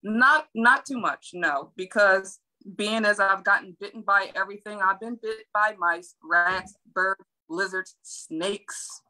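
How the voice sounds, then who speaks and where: A woman guest talks easily about her life with dogs in a casual interview. Her voice is bright and crisp, and she tells her stories in a friendly, chatty way. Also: mid-range voice, a little slow, low-quality recording. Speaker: dog trainer and groomer, guest.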